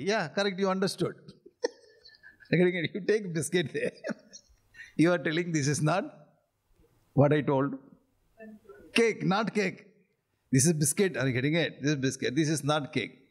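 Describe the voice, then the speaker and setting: This spiritual teacher, a man with a high voice and an Indian English accent, runs an interactive class on scripture. Chuckling frequently, he repeatedly checks whether listeners follow, asking "are you getting it?", and recites Sanskrit phrases slowly and drawn out.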